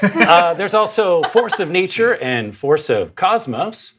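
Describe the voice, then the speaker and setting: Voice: mid-range voice, sing-song, takes it slowly, a crowd in the background. A host giving casual show announcements in a jokey way, drifting off script as they explain how viewers can interact.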